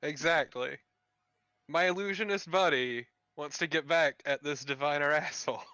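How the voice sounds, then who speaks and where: Player, male, sharp-toned and jokey, dry close sound. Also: fairly high pitch, normal speed, clear, resonant tone, no room sound. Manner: joking, crude, laughing easily. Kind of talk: casual in-character tabletop chat.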